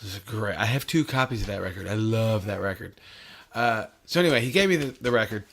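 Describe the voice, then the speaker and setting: A man with a slightly low voice, a guest on a casual podcast. He tells long stories loosely, with plenty of swearing. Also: lively intonation, fairly quick, gravelly, a bit bright. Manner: loose, profane storyteller. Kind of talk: casual chat.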